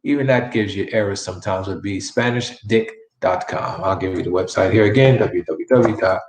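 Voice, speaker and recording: A man's voice: low voice, normal speed, reverberant, noisy background. A man teaching a live-streamed Spanish lesson, chatty and repeating each phrase many times for practice.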